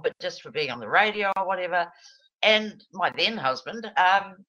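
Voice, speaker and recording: A middle-aged New Zealand woman, a former radio presenter appearing as a guest, chats casually in a rambling, digressive way and laughs often. Her mid-range voice is a bit bright, and the recording has its highs cut off.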